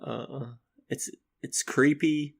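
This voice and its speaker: A man's voice: fairly high pitch, steady tone, slow pace, vocal fry. A man co-hosting a podcast in casual chat, rambling and upbeat and laughing easily as he talks. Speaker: podcast co-host.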